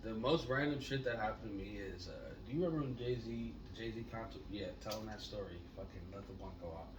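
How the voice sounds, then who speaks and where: A man co-hosting a casual podcast, telling stories in a laid-back, profane way that gets loud when he is excited. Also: lowish voice, fairly quick. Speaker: podcast co-host. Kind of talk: casual storytelling chat. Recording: echoey room, mic at a distance, noisy.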